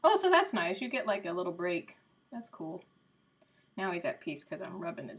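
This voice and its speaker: A woman's voice: on the low side, big pitch swings, normal speed, slightly rough. A woman live streaming in casual chat, rambling and answering her viewers by name. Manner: coos softly to her cat.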